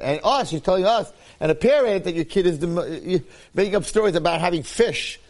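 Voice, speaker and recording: Animated man teaching a Torah class. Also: sits high, brisk. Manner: animated, acts out quotes, repeats phrases.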